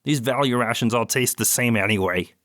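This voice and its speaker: A man's voice: mid-range voice, fairly quick, fairly bright tone, dry recording, studio quality, voice pushed up, close to an everyday voice. A man voicing a petulant young male crewman who whines and complains. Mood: exasperated. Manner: whiny, complaining.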